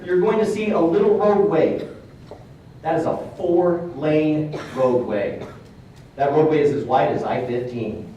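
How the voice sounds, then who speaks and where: A man's voice: fairly high pitch, a little mellow. Male conference speaker, earnest and conversational, recorded from a distance in a very echoey hall with a faint hiss. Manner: earnest, conversational storytelling with emphatic repeats. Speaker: motivational speaker. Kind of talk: storytelling keynote talk. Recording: roomy hall sound from off mic.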